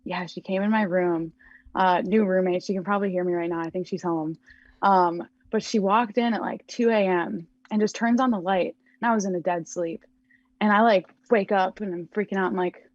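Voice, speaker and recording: A young woman, a podcast guest, chatting casually and telling a lively story with frequent laughs. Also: mid-range voice, normal speed, no echo, dull audio. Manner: animated storyteller, laughs often.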